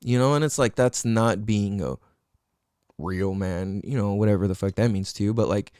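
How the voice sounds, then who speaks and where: A young man hosting a podcast, telling a personal story in a casual, animated way, full of street slang, swearing and fillers like "like" and "you know". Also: fairly low pitch, moderate pace, clean tone, dry recording, studio quality. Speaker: podcast host.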